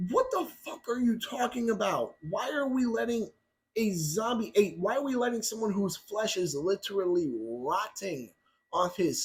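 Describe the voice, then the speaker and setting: A man vlogging about firearms in heated, ranting commentary, blunt and profane. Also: sits high. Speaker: gun channel vlogger.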